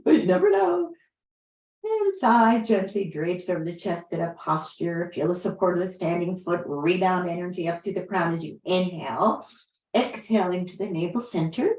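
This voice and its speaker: A woman yoga teacher guiding a class with gentle, unhurried cues and soft affirmations. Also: lowish voice. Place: class room. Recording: roomy echo.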